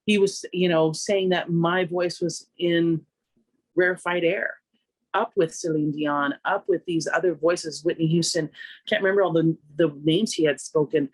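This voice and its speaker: A woman singer from Canada talking through her craft in a relaxed radio interview, reflective and conversational, lifting her pitch when she quotes herself. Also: moderate pace, dry recording. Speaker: singer and vocal coach, interview guest.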